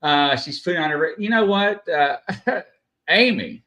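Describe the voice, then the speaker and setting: A man's voice: on the high side, expressive, normal speed, bright, forceful tone. A man hosting a casual live stream, chatty and full of "uh" fillers, greeting viewers by name. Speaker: host.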